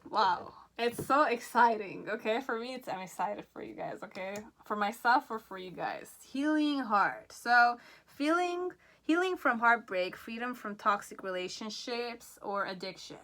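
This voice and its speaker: A woman giving a pick-a-card tarot reading, excitable, often checking in with "okay?" and a bit out of breath. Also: a little high, moderate pace, hardly any pauses. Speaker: tarot reader.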